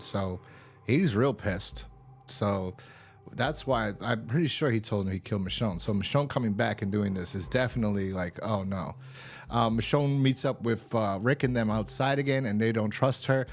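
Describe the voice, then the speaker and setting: A man's voice: on the low side, moderate pace, slight background noise. A man casually recapping a TV episode, rambling and swearing as he acts out the characters' lines. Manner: rambling, profane, acts out quotes. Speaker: TV show reviewer.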